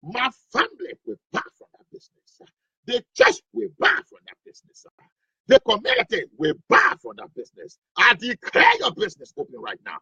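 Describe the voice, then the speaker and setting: Guy putting on a loud preacher, high, gravelly, bellowing blessings and curses, dull lo-fi sound. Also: huge pitch swings, fairly quick, dry recording, heavily acted. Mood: declaring. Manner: shouting declarations, preacher cadence. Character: fiery preaching male pastor, loud and commanding.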